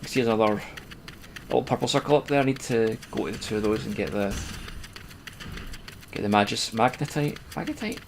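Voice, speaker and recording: A man's voice: lowish voice, brisk, gravelly, long pauses, slight background noise. A Scottish man streaming a video game, commenting casually in a dry, self-deprecating way. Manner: dry, self-deprecating, reads quest text aloud. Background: game music.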